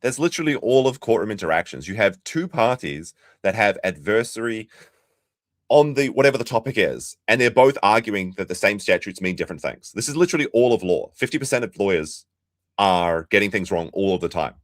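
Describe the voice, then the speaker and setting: A man's voice: lowish voice, animated, fairly quick, dry recording, clean studio sound. A man hosting a reaction commentary, mocking the clips he plays and talking to his chat. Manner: mocking, sarcastic, talks to chat. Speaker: commentary channel host.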